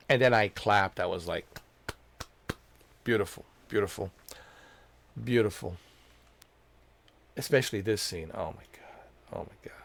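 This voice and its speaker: Low-voiced man, emotional gaming commentary. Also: vocal fry. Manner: emotional, repetitive, slangy with "dude". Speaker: gaming video creator. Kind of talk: casual story commentary.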